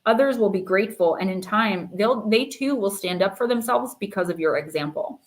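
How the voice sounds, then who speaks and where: A woman's voice: mid-range voice, moderate pace. A woman hosting a live-stream oracle card reading, speaking casually with frequent fillers and reading card meanings aloud. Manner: chatty, reads card text aloud, many fillers.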